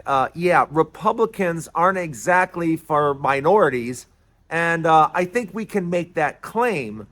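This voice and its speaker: A man's voice: a little high, fairly bright tone. A man hosting his own show, delivering an emphatic, repetitive political monologue as if lecturing his listeners. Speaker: host.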